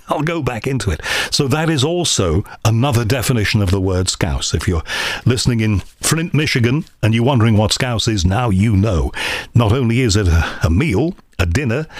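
A man's voice: fairly low pitch, animated, a little fast, no echo, studio quality. A man from Liverpool with a faded Liverpool accent, hosting a podcast in a rambling, reflective, self-deprecating way. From Liverpool, England. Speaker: podcast host. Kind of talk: casual monologue and interview.

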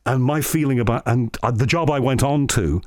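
A man's voice: medium pitch, brisk, dry recording, clean studio sound. A man from England, a radio host, telling earnest stories in casual chat. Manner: storytelling, earnest, animated anecdotes.

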